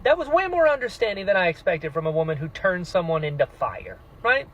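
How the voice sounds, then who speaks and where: A man excitedly talking through his reactions to a fantasy novel in a casual vlog, jumping into quick put-on voices for characters. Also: high voice, lo-fi sound, a little hiss or hum. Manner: excitable, animated, mock-voicing characters. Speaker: book vlogger.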